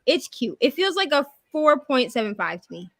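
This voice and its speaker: A woman's voice: sits high, sing-song, normal speed. A woman chatting casually with friends on a video call, telling stories and acting out her own reactions. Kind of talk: casual group video chat.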